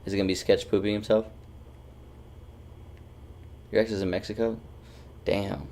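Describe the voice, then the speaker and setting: A man with a very deep voice and a gravelly, fry-heavy edge runs a casual gaming stream. He teases his friends and chat in loose, offhand banter, swearing freely. He sounds close to a headset mic. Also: little pitch movement, moderate pace, dark tone, slight background noise.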